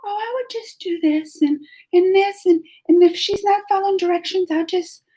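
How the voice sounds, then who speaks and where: A sugary, two-faced female teacher with a high, falsely sweet voice, as a streamer quotes her. The sweetness sits lightly on top and rings a little hollow. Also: moderate pace, warm tone.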